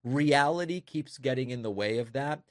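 A man's voice: medium pitch, moderate pace, dry recording, studio quality. A man hosting a political commentary show, mocking the news clips he plays. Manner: sarcastic, mocking.

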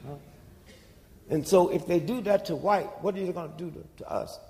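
A man's voice: sits high, normal speed, a little mellow. An older man, giving a preaching-style public talk full of rhetorical questions and call-and-response. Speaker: speaker at a community talk. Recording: long hall reverb.

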